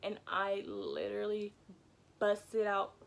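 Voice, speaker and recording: A woman's voice: mid-range voice, monotone, slow pace, creaky. A young woman vlogger telling a casual storytime from her bedroom, chatty and peppered with "like" and "you know," swearing freely. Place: home bedroom.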